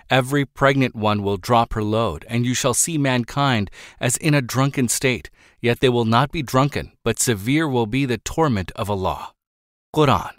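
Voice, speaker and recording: A man reads scripture as an audiobook in a measured, formal cadence, his voice sitting at an ordinary middle pitch. The recording is close and dry, with no room around it. Honorific phrases come out lower and softer. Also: no room sound. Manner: measured, formal recitation with reverent drops on honorifics. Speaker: audiobook reader. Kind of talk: scripted religious text reading.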